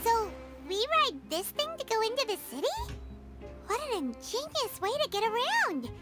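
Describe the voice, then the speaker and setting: A woman voicing a tiny floating fairy companion in a game, chirpy, excitable and squeaky. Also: normal speed, over loud music, heavily acted. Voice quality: squeaky, high and bouncy. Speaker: game character. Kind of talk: game voice acting.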